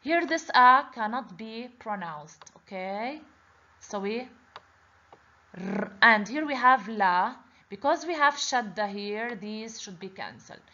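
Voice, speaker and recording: Here a woman speaks slowly with a slightly high, sharp-toned voice and lively intonation. During a children's lesson on letters she patiently repeats every word and asks the class questions; the recording sounds dull and lo-fi.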